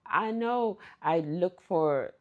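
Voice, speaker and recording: A woman's voice: on the low side, lively intonation, takes it slowly, narrow, tinny audio, noisy background. A middle-aged woman hosting her channel, telling stories in a chatty way and laughing often. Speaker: channel host. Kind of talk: casual storytelling.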